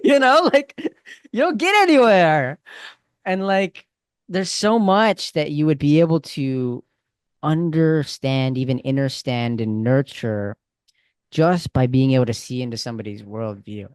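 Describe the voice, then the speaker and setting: A man coaching someone in a casual, animated way with friendly slang. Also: on the high side, measured pace, clean tone, dry recording, studio quality. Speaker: communication coach. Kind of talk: coaching over a call.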